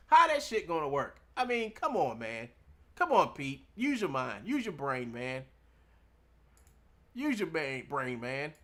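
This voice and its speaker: High bright-voiced man ranting and laughing. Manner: mocking, laughs often, swears a lot; mimics others in a loud put-on voice. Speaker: streamer. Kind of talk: casual rant.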